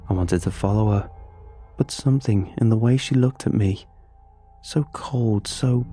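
A man narrating a first-person horror story in a measured, uneasy way, with drawn-out pauses. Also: on the low side, mellow.

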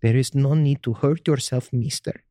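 A man voicing a seductive talking female pierogi dumpling in a low, hushed, sultry voice. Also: fairly even intonation, moderate pace, no echo, studio quality, close to an everyday voice.

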